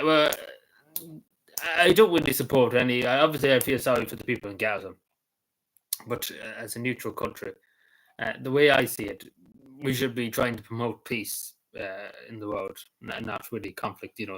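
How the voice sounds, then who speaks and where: A man hosting a casual livestream, talking in a halting, rambling way with frequent laughs and restarts. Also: medium pitch, fairly even intonation, fairly bright tone, slight background noise, low-quality recording. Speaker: livestream host.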